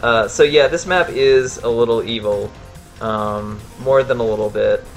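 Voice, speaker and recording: Over game music and sound effects, a male streamer casually narrates his playthrough and frequently swears in frustration when things go badly. He speaks at a measured pace with a medium pitch.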